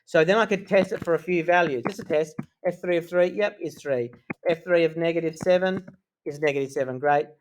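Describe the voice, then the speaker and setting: A male maths teacher gives a live lesson to his class. His voice sits a little high, and he keeps things casual and joking. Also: fairly quick, noisy background.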